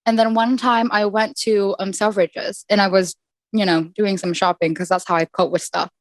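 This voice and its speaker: A woman's voice: medium pitch, fairly even intonation, normal speed, no echo. A young woman with an accent that blends American and British, chatting casually as a podcast host. She giggles, mocks herself and restarts sentences often. The sound is dry and close, with no room around her. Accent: mixed American and British. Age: young adult. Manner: giggly, self-mocking, with frequent restarts. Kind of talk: casual chat.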